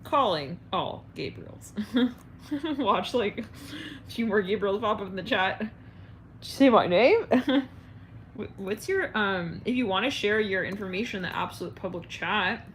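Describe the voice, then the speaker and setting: A woman's voice: mid-range voice, moderate pace, slight background noise. A woman hosting an astrology live stream, chatting in a rambling, giggly way with her viewers.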